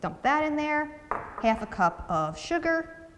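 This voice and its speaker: A woman's voice: high voice, sing-song, a little slow, in a large hall, noisy background. A woman from New Jersey, chatty and upbeat, talking through a recipe in a casual cooking vlog. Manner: chatty and upbeat, laughs easily.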